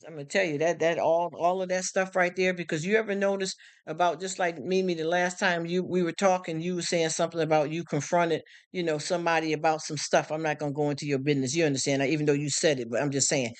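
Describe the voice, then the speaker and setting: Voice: mid-range voice, steady tone, fast talker, few pauses. Middle-aged livestream host: frank, emphatic, talks straight to viewers and repeats key points. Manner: emphatic, frank and repetitive, with rhetorical questions. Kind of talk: casual livestream chat answering viewers. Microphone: streaming setup.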